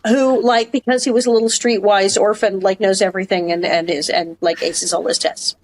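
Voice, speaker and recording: A woman's voice: mid-range voice, steady tone, fairly quick, rough recording. A woman co-hosting a podcast, chatting casually, blunt and self-mocking with frequent laughter. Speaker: podcast co-host. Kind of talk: casual chat.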